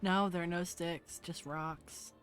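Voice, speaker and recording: A woman acting as game master, narrating scenes in a tabletop game session with a lively, laughing manner. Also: lowish voice, slow pace, faint music behind.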